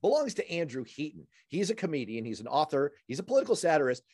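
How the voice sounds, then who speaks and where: A man hosting a radio talk show and podcast, animated and jokey, introducing and interviewing a guest. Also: on the high side, no echo, studio quality. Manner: animated, jokey, quick asides. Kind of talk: casual interview chat.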